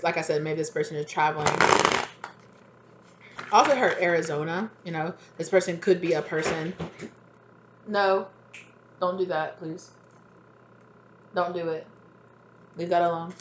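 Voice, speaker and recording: Low-voiced lady rambling through a tarot reading at home, lots of ums. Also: slight background noise. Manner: chatty, rambling, many fillers. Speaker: tarot reader. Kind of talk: casual tarot reading monologue.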